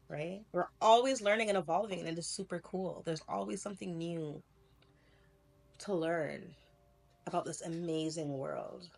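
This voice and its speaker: A young adult woman talking casually to camera, telling a personal story in a rambling, animated way, often laughing and correcting herself. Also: on the low side, gravelly. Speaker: spiritual vlogger.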